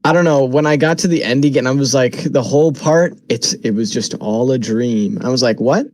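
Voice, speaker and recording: A man's voice: medium pitch, a little fast, no echo. Young man telling it animatedly, dry sound. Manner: animated storytelling, acts out his own reactions. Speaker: podcast co-host. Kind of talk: casual chat.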